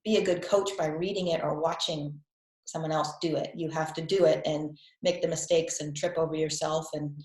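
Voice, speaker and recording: A woman's voice: fairly low pitch, darkish tone, echoey room, poor audio. A woman with a faded Boston accent, chatting casually as a guest health coach, repeating words and laughing often. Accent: Boston, mostly faded. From New England. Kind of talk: casual video call chat.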